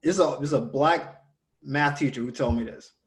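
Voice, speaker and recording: A man in casual conversation, telling a story and lively when he quotes others. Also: medium pitch, brisk.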